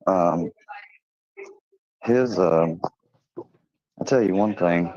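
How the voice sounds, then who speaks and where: A man's voice: low voice, slow, long pauses, a little mellow. A man casually telling a personal story, rambling with fillers, restarts and slang. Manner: swearing, slangy. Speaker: channel host. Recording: dull lo-fi sound.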